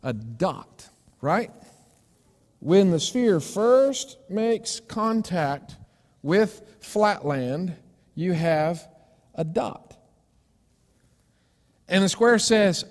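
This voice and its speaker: Animated preacher in a reverberant church. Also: male voice, high voice, slow pace, long pauses. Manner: animated storytelling, acting out voices for shapes. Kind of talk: sermon. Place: church sanctuary.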